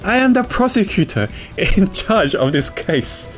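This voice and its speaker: A man's voice: sits high, big pitch swings, unhurried, fairly bright tone, faint music behind, pitched above the performer's own voice, heavily acted. A man voicing a cool, formal and proud male prosecutor in a pompous manner.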